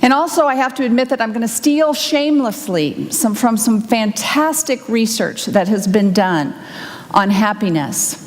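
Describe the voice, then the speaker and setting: A woman minister giving a sermon, upbeat and teasing, guiding listeners through a quiet reflection. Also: a little high, expressive, normal speed. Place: church sanctuary. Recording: long hall reverb, faint ambience.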